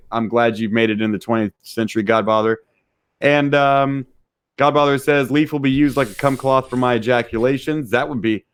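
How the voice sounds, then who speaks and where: A man's voice: mid-range voice, clear, resonant tone. A man talking as a podcast guest, brash and crude, swearing constantly while answering chat messages. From Texas. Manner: profane, brash, laughing. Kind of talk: crude casual chat reading live chat.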